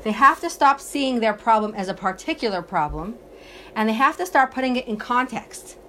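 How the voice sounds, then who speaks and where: A woman's voice: on the high side, animated, normal speed, pushed and bright, a little hiss or hum. A woman teaching a religious text lesson, earnestly explaining it phrase by phrase. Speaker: Torah teacher.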